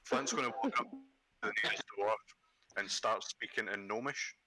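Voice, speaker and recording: A man playing a tabletop game, telling jokes in an animated way. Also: lowish voice, moderate pace, low-quality recording. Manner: animated, jokey storytelling. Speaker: player. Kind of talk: casual chat during a tabletop game.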